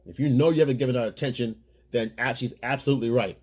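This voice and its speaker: A man's voice: medium pitch, quick pace, darkish tone. A man, a relationship coach, talking to other men in a loose, rambling way and often addressing them as "guys". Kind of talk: casual advice monologue.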